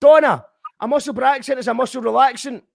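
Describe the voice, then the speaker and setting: A man hosting a casual live stream, excitable and given to swearing and shouting when thrilled. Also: very high voice, quick pace, creaky, dry recording. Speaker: host of a live stream show.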